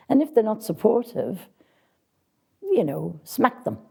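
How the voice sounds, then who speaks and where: Gravelly, dark-voiced woman casting director. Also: mid-range voice, big pitch swings, measured pace. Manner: direct, practical, frank. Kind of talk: interview answers giving advice to actors.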